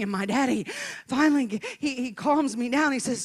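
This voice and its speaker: A woman evangelist telling a folksy, humorous story in a sermon, swinging between hushed asides and shouted preaching. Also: sits high, normal speed.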